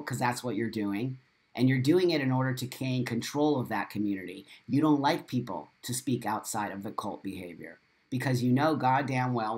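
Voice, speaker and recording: A middle-aged man hosting a live video show, delivering a blunt, profane, preachy monologue and repeating phrases for emphasis. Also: mid-range voice. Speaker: host of a live morning show.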